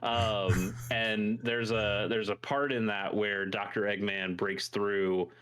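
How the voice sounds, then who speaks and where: A man co-hosting a casual live gaming podcast. He tells a childhood story with lots of laughter and acts out the quotes in a higher voice. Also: level tone, slow, fairly bright tone, low-quality recording. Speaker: podcast co-host. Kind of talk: casual chat, telling a story.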